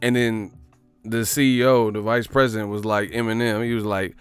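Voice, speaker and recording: A man's voice: lowish voice, level tone, normal speed, smooth, dry recording, soft background music. A man, a boxing vlogger, giving casual, joking commentary full of slang and profanity.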